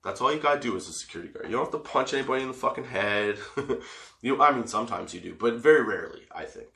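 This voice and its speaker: A man's voice: medium pitch, animated, fast, creaky, sharp tone. A man hosting a podcast, telling stories in a casual, profane way and laughing often. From Canada. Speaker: podcast host. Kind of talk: casual storytelling. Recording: roomy echo.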